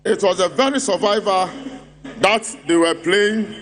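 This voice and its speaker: A man's voice: high-pitched, a little slow, a bit bright. A man with a Ghanaian English accent delivering a mocking, rhetorical speech at a party congress, driving his points home through repetition. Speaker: political speaker at party congress. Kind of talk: rally speech.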